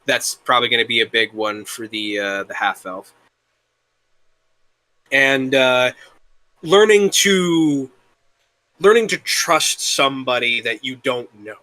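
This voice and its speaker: A young man talking casually as an interview guest, rambling and halting, with the occasional curse. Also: medium pitch, pushed and bright, no room sound. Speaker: guest, worldbuilding creator.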